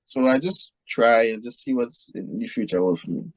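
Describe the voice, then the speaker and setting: A man with a Vincentian accent, talking as a guest in an interview. He speaks in a relaxed, easygoing way and keeps dropping "you know" into his sentences. The sound is dry and close, with almost no room echo. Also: mid-range voice, moderate pace. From St. Vincent and the Grenadines (Union Island). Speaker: guest, music producer. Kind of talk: casual interview talk.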